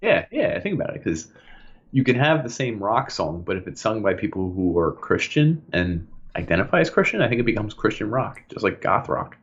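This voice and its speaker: On a lo-fi recording, a man with a lowish voice talks briskly as co-host of a casual podcast. His storytelling is animated, full of acted-out quotes and frequent laughter.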